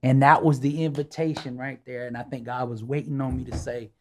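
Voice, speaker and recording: A man telling a personal story as a podcast guest, animated and casual, acting out dialogue and often checking in with "right?". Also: medium pitch, fairly quick. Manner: animated, acts out dialogue, tags lines with "right?"; casual speech with "ain't" and "gonna".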